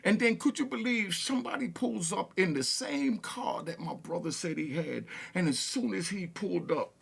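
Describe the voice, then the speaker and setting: A man's voice: high-pitched, lively intonation, moderate pace, creaky, a bit bright, a little hiss or hum. A man hosting a reaction video, telling rambling stories from his past with lots of "you know what I mean". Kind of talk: casual storytelling.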